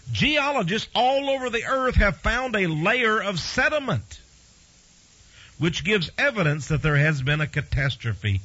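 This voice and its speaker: Male radio pastor, husky, animated and folksy, lo-fi broadcast. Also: on the high side. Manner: folksy, animated preaching with chuckles and asides. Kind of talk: radio sermon.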